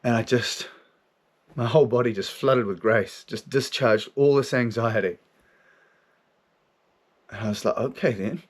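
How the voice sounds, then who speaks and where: A man's voice: medium pitch, unhurried, pauses often. Male podcast host, candid monologue, heavy swearing, stumbling repeats. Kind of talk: personal storytelling monologue.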